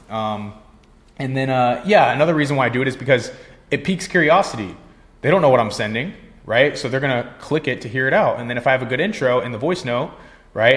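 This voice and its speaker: A man's voice: mid-range voice, a bit bright. A young man giving a casual sales lesson, blunt and confident, swearing freely and tagging lines with "right?". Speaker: sales coach. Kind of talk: casual instructional talk.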